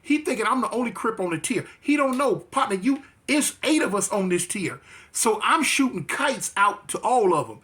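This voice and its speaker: Bright high-voiced man telling a story. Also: big pitch swings, moderate pace. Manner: streetwise slang, repetitive restarts, emphatic. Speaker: interview guest. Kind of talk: casual storytelling.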